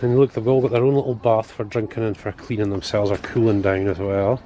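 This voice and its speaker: Speaking a little fast in a dark, low-leaning voice with fairly even intonation, a man vlogs for his family at an outdoor bird of prey centre. He coos affectionately at the birds and poses small questions to them.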